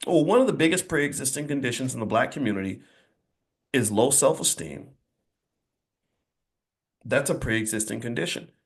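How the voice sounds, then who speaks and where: A man delivering a motivational talk to a live audience in an indoor event space. He is emphatic and preachy and repeats phrases for punch. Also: medium pitch. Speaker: finance speaker.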